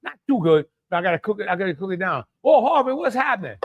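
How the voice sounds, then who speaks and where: A man's voice: high-pitched, big pitch swings, quick pace, lo-fi sound, slight background noise. A middle-aged man with a Cajun accent hosting a live cooking stream, talking in a folksy way and greeting viewers by name. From Louisiana. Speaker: cooking show host.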